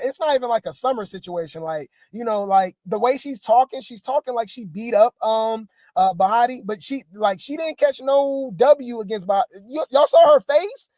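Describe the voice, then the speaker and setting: A man's voice: very high voice, a little mellow, dry recording. Rambling male gossip commentator, dry sound. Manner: rambling, hesitant, many fillers and asides to viewers. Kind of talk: casual reality TV commentary.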